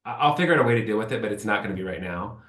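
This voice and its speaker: A man on a podcast tells his story in a loose, candid, rambling way, acting out bits of what people said. His voice sits on the low side, and the room gives it a noticeable echo. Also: lively intonation, racing, a bit bright. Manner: rambling and candid, acts out quoted speech. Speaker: podcast guest. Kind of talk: casual conversation.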